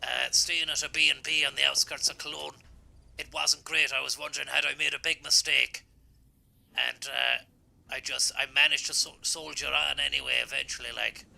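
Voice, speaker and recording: A man's voice: medium pitch, flat delivery, moderate pace, gravelly, bright, forceful tone. A man co-hosting a gaming stream, chatting in a rambling, folksy, joking way. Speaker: stream co-host. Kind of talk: casual gaming stream chat.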